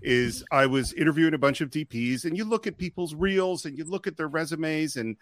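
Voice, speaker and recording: A man's voice: a little high, a little fast, no room sound. A man hosting a panel discussion, who stumbles eagerly into his questions. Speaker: host.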